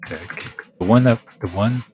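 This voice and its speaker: A man's voice: on the low side, a little slow, music in the background. A man talking casually to himself in a vlog, thinking aloud, trailing off and restarting with lots of fillers.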